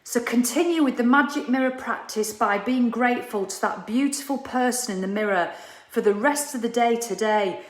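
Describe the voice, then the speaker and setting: A woman's voice: a little high, normal speed. A middle-aged woman hosting a live self-help session, blunt and emphatic, swearing casually as she coaches. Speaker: gratitude program host. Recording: echoey room.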